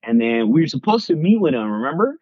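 A man's voice: fairly high pitch, sing-song, fast talker, slightly rough, no echo. A man casually recounting a story on a podcast, heavy on slang fillers and swearing. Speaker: podcast co-host. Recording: dull lo-fi sound, dry.

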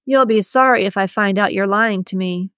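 A woman voicing a gruff, suspicious young man with a subtle New York accent, speaking in curt, accusing replies. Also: medium pitch, moderate pace, a bit bright, dry recording, studio quality, close to an everyday voice. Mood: wary.

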